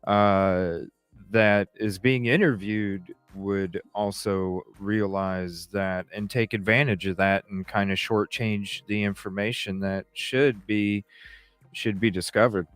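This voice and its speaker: A man's voice: lowish voice, fairly even intonation, slow pace, clear, resonant tone, no room sound, faint music behind. A man hosting a podcast, talking in an easygoing, rambling way in casual discussion. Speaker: podcast host.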